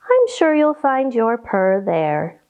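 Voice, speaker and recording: Figure: wise old owl, male, gently teasing. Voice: high and sing-song , put on by a woman storyteller. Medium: storybook read-aloud. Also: big pitch swings, slow, phone-quality sound. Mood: gently chiding.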